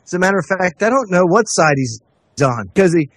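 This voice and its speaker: A man co-hosting a casual online radio talk show, talking in halting bursts with many restarts. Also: high voice, sing-song, husky, no echo. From United States. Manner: halting, many restarts, reads letters aloud. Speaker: co-host.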